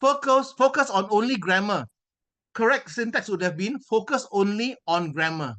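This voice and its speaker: High, bright-voiced man giving grammar notes. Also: expressive. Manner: measured, corrective, repeats words for emphasis. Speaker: grammarian at a speaking club meeting. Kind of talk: reading out a grammar report in an online meeting. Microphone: video call.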